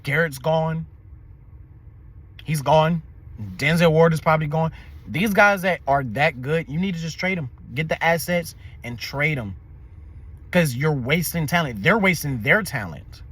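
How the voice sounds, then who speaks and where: A man's voice: fairly high pitch, a little slow, fairly bright tone, husky. A man hosting a sports show, ranting in a heated, profane way and repeating himself, recorded in a parked car. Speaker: sports podcast host.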